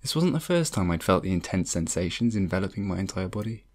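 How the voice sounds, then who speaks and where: Deep-voiced man narrating a story. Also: big pitch swings, fast. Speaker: audiobook narrator. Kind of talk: first-person story narration.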